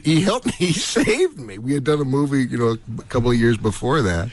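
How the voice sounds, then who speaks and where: A middle-aged actor being interviewed on the radio, telling animated stories full of laughter and acted-out quotes. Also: male voice, medium pitch, brisk, hardly any pauses, a little hiss or hum. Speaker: guest actor.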